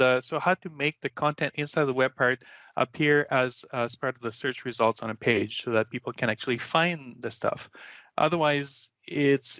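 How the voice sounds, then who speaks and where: A man presenting his software demo on an online community call, in a chatty, self-deprecating way with lots of fillers. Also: medium pitch, no echo. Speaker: cloud solution architect presenting a demo. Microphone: computer mic on a video call. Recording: dull, dry video-call audio.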